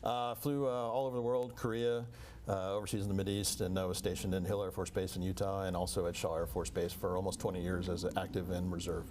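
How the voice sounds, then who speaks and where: Middle-aged guest, low voice, polite, plain answers, faint hiss behind. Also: male voice, level tone, quick pace, a little mellow. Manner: polite and matter-of-fact. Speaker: guest, retired Air Force fighter pilot. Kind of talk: interview answers.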